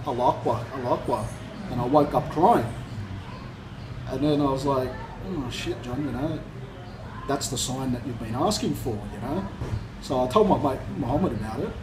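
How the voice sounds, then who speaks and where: Australian man telling a story, echoey. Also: medium pitch. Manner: animated retelling, acts out quoted voices. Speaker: guest telling his conversion story. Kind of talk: casual storytelling. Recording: echoey room, mic far off, noisy.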